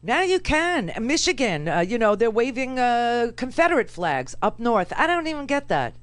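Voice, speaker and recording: A woman hosting a political radio talk show, brash and sarcastic, with lots of fillers and quick asides. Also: fairly high pitch, sing-song, smooth, no echo. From New York. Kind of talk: political commentary monologue.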